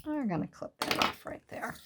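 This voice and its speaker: A woman's voice: normal speed, heavy background noise. A woman hosting a collage craft video, chatting casually and telling stories while she works. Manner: chatty, storytelling, laughs easily.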